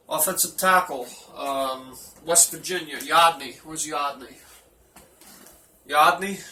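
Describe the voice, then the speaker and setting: A man rambles through a profane, mock-gruff locker-room roll call. His voice is bright and fairly high, heard from a distance in an echoey room. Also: slight background noise. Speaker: team manager giving a speech.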